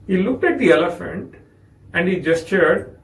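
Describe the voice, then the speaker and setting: A man's voice: sits high, moderate pace, creaky, echoey room, far from the mic, low-quality recording. A man with an Indian English accent telling a spiritual story in a discourse, acting out the voices of its characters. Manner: animated storytelling with acted quotes. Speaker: spiritual speaker.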